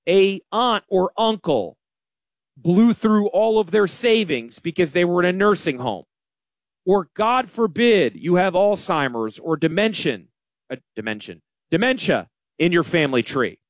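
A man hosting a financial radio show, talking in a folksy, self-deprecating, animated way. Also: high voice, a little slow, dry recording, clean studio sound. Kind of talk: casual radio talk.

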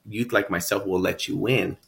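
A man with a fairly low voice speaks as a guest in an interview. He recounts his life earnestly and reflectively, repeating words as his thoughts build. Nothing here is acted; it is his own voice, talking plainly. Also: fairly even intonation, moderate pace, vocal fry, a bit bright. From San Antonio, Texas. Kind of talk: personal storytelling interview.

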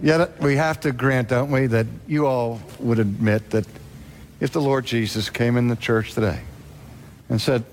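A man's voice: fairly even intonation, a little slow, pauses often. Brief: middle-aged male preacher, theatrical sermon delivery, light background hiss. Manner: dramatic, acts out quoted voices with wide pitch swings.

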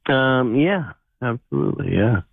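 A man's voice: mid-range voice, very animated, unhurried, creaky, slightly rough, no echo. A man from Minnesota calling in to a radio show, stumbling and hesitating over his words. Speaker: caller. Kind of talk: call-in radio chat. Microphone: telephone. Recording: phone line, dry.

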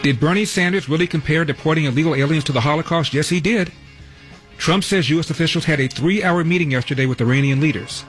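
A man's voice: on the high side, fast talker, faint music behind. A man hosting a talk radio show, delivering news headlines with wry, sardonic asides. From Los Angeles.

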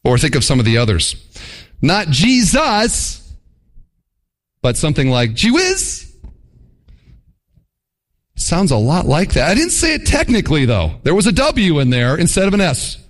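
A pastor delivers a sermon with a lively, swinging delivery. His voice sits a little high for a man. He drops into brief mock voices to illustrate his points. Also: normal speed.

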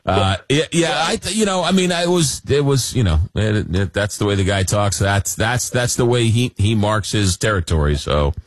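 A man's voice: fairly low pitch, expressive, dry recording. A man hosting a call-in radio talk show, reading out listener messages and taking calls, often restarting his sentences. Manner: halting, many restarts when pressed. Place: radio studio.

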